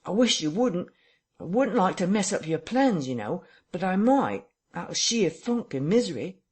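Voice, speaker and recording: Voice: medium pitch, very animated, moderate pace, a little mellow, breathy edge, voice pushed up. A reader voicing a frightened, self-pitying tramp who whines and complains near tears. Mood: whining. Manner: whining, tearful, complaining.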